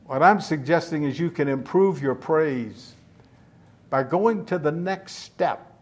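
A man's voice: on the high side, slow pace. A man preaching a sermon, teaching verse by verse and putting questions to his listeners. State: out of breath.

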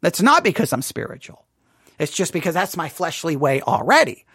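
Animated Bible teacher with lively pitch. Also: moderate pace, husky, no echo, clean studio sound. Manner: dramatic, acts out people's reactions in voices.

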